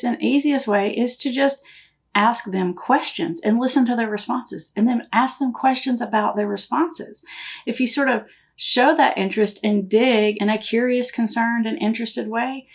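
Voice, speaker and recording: A woman's voice: medium pitch, gravelly. Conversational woman counselor giving advice. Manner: conversational, retells her own quotes in a raised voice. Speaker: counselor and host. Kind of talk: casual advice talk to camera.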